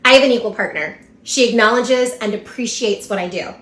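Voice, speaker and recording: Woman, bright and slightly high, rhythmic repeated-refrain recitation. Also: fairly quick, low-quality recording. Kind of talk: recited monologue.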